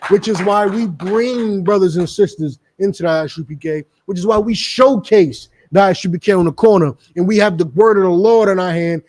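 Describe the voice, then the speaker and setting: Emphatic high-voiced preacher man. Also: fairly quick, few pauses, a little mellow. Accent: New Jersey. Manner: emphatic, repetitive, mocking asides in character. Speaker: street preacher. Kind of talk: street sermon.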